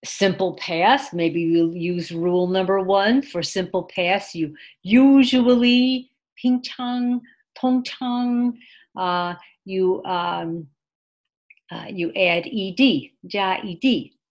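Speaking slowly at a medium pitch, this woman teaches English online as an ESL teacher, sharing her screen. She is patient, says words more than once, and offers quick glosses in Mandarin.

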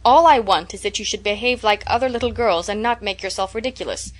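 Woman reader as a no-nonsense middle-aged spinster, brisk and scolding, mid-pitched. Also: lightly acted.

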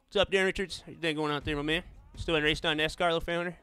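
A man's voice: fairly high pitch, fairly even intonation, very fast, pushed and bright, smooth, no echo. A man streaming a racing game, chatting casually with viewers and friends and calling them "man" and "buddy". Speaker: gaming streamer. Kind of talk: casual gameplay chat.

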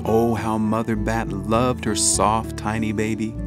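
A man narrating a children's storybook in an expressive, gently dramatic way. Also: on the low side, measured pace. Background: background music.

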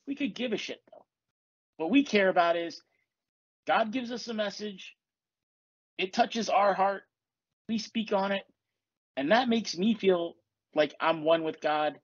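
A man's voice: high-pitched, no room sound, dull audio. A man hosting a podcast, talking casually and bluntly with lots of swearing, as a life coach. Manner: blunt, profane, confessional. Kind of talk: casual chat.

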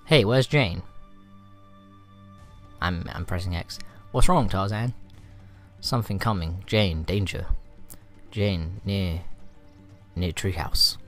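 A man's voice: deep voice, fairly bright tone. Profane, rambling young gamer man. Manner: profane, rambling and easily riled. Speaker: let's play gamer. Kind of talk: casual gameplay commentary. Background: game music.

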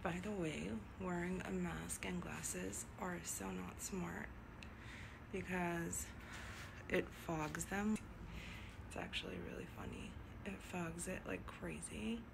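A woman in her thirties vlogging from a doctor's procedure room, talking softly and often in a whisper, halting with fillers, in pain and a little out of breath. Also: on the low side, fairly even intonation, vocal fry, background noise. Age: 30s. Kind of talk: personal vlog.

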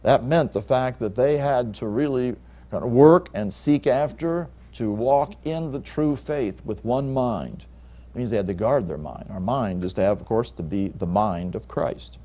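A male pastor delivers a Bible teaching sermon in a mellow, warm voice at a middling pitch. He reads scripture aloud and leans hard on key words, climbing up for emphasis. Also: a little slow.

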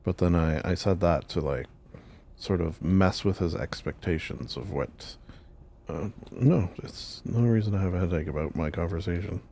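A man's voice: low voice, moderate pace, gravelly, mellow. A man giving casual, joking gameplay commentary, rambling and talking back to the game characters. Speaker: game streamer.

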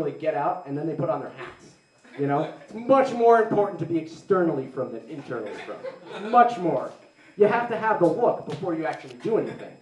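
A man's voice: a little high, a little mellow. A young adult man doing a live stand-up set, rambling and sarcastic with lots of "like"s. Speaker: stand-up comedian. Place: live comedy venue. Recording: roomy, mic heard from a distance.

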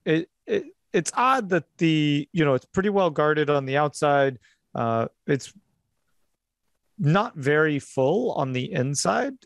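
A man narrating as game master for a tabletop role-playing game, pausing and restarting often. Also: a little high, gravelly, no room sound. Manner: hesitant, many restarts.

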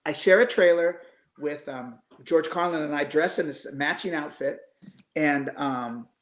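A man in his fifties, a guest musician, telling animated anecdotes casually over a video call, with frequent restarts. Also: on the high side, unhurried. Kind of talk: casual storytelling. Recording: echoey room.

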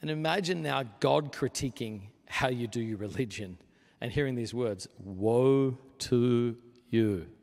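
A male pastor delivers a sermon in a church sanctuary. He talks earnestly and conversationally, then builds to forceful emphasis, with a gravelly texture at the low end of his voice. His words hang in the long reverb of a large hall. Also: normal speed.

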